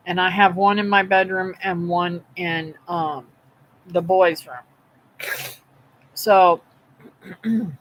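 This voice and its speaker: A middle-aged woman with a low, bright, forceful voice tells a rambling, folksy story to her livestream viewers from her home. She hosts a homestead livestream and chats in a meandering way, on a low-quality recording with slight background noise.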